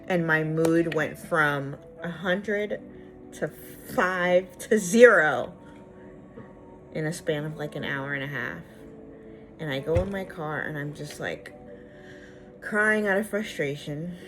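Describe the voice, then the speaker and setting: Young woman vlogger, lower voice, animated storyteller, exasperated tone, faint music behind. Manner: animated, acts out the dialogue. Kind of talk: casual storytelling to camera.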